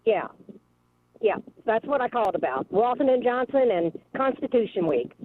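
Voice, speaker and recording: An outspoken woman caller with a high voice comes through a thin, tinny phone line. She talks emphatically and doesn't hold back. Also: sing-song, moderate pace. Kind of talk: phone-in complaint. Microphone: telephone.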